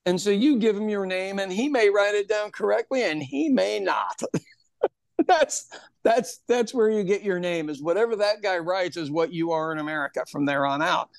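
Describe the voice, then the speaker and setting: A podcast co-host with a high-sitting, gravelly male voice chats casually at a moderate pace. He rambles, repeats words and laughs a lot, and there's no room sound on the recording.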